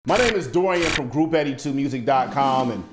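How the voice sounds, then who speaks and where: A man hosting his own channel, giving casual, excited commentary on a clip. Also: medium pitch, brisk. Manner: hyped, expressive. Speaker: video host. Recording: roomy echo with faint music.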